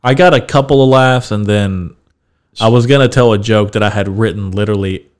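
A young man with a fairly low voice tells a story on a podcast. His delivery is loose and unhurried, with plenty of swearing and laughter running through it. He comes across as a casual, chatty host. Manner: laid-back, swears freely, laughs through his stories.

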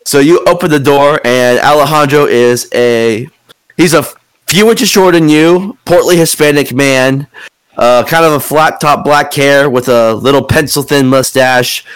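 Male game master, casual narration, mid pitch, dry close sound. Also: a little slow, clean tone, no echo. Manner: casual, descriptive, with fillers.

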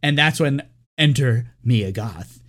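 This man co-hosts a casual film podcast, speaking slowly in an animated, slightly bright medium-pitched voice. His talk wanders with lots of filler words, and he occasionally slips into mocking impressions of the characters.

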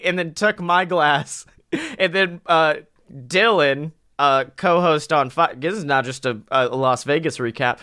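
A man on a podcast, telling a long comic story in a lively, laughing way and swearing freely. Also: on the high side, normal speed, clear, resonant tone. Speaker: podcast co-host. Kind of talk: casual comedic podcast chat.

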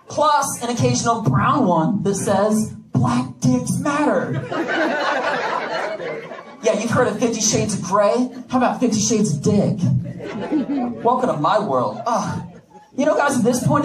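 A man with a high voice does a brash stand-up set and ribs the audience. He sounds a little distant from the mic in a roomy club. The crowd is loud and laughs behind him. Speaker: stand-up comedian. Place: comedy club stage.

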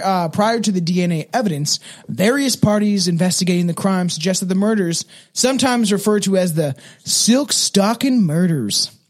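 A young man with a notably high, light voice chats through a true-crime podcast. He is casual and profane, leaning on fillers, and trips over words when reading his notes aloud. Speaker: podcast co-host leading the episode.

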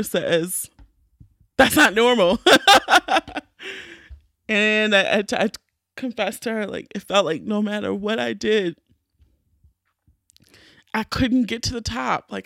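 A woman's voice: medium pitch, measured pace, gravelly, a bit bright, no echo, studio quality. A woman podcast host telling a personal story in an emotional, candid way, tearful and full of fillers and restarts.

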